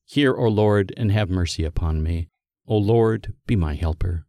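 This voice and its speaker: A man giving a scripted liturgical Bible reading in a measured, solemn manner that lifts for quoted speech. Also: low-pitched, dark tone, dry recording. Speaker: scripture reader.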